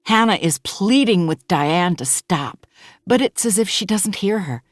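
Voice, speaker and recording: A woman narrating a novel in the first person in a measured, expressive way. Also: mid-range voice, no room sound, studio quality. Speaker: audiobook narrator.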